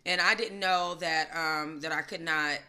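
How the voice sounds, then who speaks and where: A woman's voice: low voice, fairly even intonation, a little slow, bright, forceful tone. A woman hosting a casual livestream, talking emphatically in slang and greeting her chat. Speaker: livestream host.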